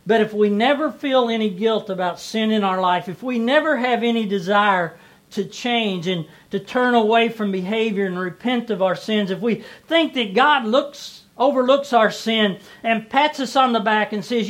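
A man's voice: high-pitched, normal speed, a bit bright. A man preaching a sermon as pastor, repeating phrases and swelling and dropping in volume.

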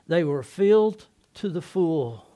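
A man with a high voice plays Simon Peter, the impulsive adult fisherman apostle, in a slow, first-person dramatic monologue. He tells the story in an earnest, excitable way.

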